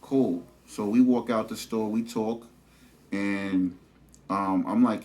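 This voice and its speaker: Man, chatty vlog story, lots of you know what i'm saying, fairly low voice. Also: steady tone, slow, a little mellow. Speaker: vlogger.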